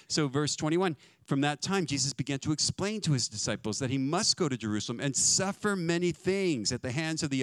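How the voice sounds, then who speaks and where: Male preacher, mid-pitched, dry close sound, animated storyteller who acts out quotes. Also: dry recording. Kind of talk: sermon.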